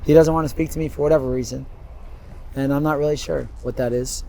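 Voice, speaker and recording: Rambling fifty-something man, slightly high voice. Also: quick pace, vocal fry, a little hiss or hum. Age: 50s. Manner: rambling, animated storytelling, laughs often. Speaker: interviewee. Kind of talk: street interview. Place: outdoors on a city street.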